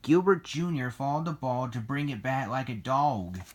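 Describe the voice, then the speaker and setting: A reader narrating a children's storybook in a slow, deliberate way. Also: mid-range voice.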